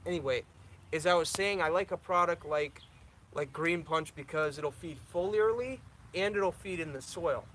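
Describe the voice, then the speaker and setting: A man's voice: on the high side, moderate pace, a bit bright, a little hiss or hum. A young man hosting a casual live stream, answering viewer questions in a loose, rambling way with lots of restarts.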